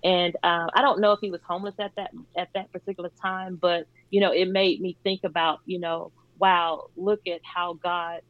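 A woman's voice: lowish voice, level tone, normal speed, hardly any pauses, no echo, lo-fi sound. A woman guest telling her story in a casual interview, laughing often and using many fillers. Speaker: charity founder, guest.

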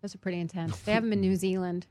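A chatty woman talking quickly in a casual group conversation. She tosses in wry, joking asides between her stories. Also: fairly low pitch, fairly even intonation, a little mellow. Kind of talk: casual chat.

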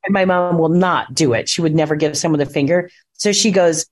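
Heard through a phone call, this actress is a talkative interview guest who narrates anecdotes and voices the quotes herself. Her low voice is a little mellow and moves fairly quickly.

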